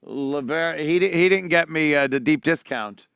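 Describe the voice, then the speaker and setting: A male podcast co-host with a high, sharp and bright voice, cursing freely and breaking into laughs. He is recorded dry and close in a studio. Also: moderate pace, vocal fry, clean tone, no room sound. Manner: profane, laughs often. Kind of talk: casual podcast banter.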